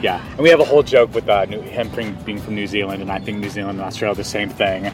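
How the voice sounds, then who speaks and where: Actor guest for an outdoor chat: man, rapid, somewhat low voice, slightly distant mic, music and street traffic behind. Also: steady tone. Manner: chatty, laughs easily, many restarts. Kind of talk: casual interview chat.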